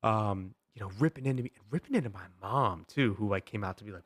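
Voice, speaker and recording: Rambling young man, low and dry. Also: fast talker, dry recording. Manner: rambling, full of "like" and "um" fillers. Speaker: podcast host. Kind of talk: casual storytelling.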